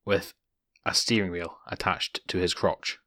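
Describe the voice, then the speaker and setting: A man co-hosting a podcast, spinning jokes with a dry, wry delivery. His voice is very deep yet has a bright, forward edge. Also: fairly even intonation, measured pace. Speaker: podcast co-host. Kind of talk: casual podcast chat, telling jokes.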